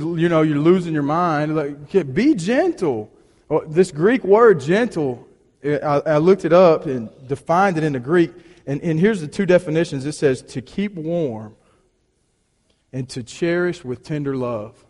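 A man preaching with a slightly higher voice, telling stories in a loose, conversational way with many restarts. He drops to a hush, then rises to emphatic points. His voice rings out with a long reverb, as in a large hall. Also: lively intonation, moderate pace. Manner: conversational storytelling with frequent restarts; swings between hushed and emphatic. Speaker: pastor. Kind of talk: sermon.

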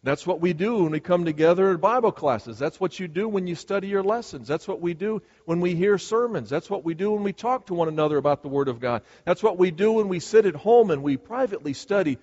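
A man's voice: high voice, animated, a little fast, few pauses, a little mellow. A man preaching a sermon in an earnest, emphatic way, taking on Jesus' voice as he paraphrases scripture. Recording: dull sound with long hall reverb.

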